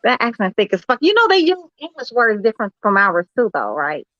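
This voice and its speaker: A woman's voice: a little high, huge pitch swings, a little fast, a bit bright, no room sound, highs cut off. A woman from Chicago hosting a casual online chat, joking and laughing at herself. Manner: joking, laughing, self-mocking.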